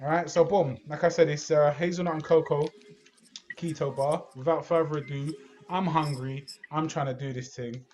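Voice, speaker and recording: A man's voice: a little high, steady tone, normal speed, a little mellow, slight background noise. A young man, co-hosting a podcast over a video call, bantering in street slang. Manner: banter-heavy London slang. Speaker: podcast co-host. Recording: lo-fi online call audio.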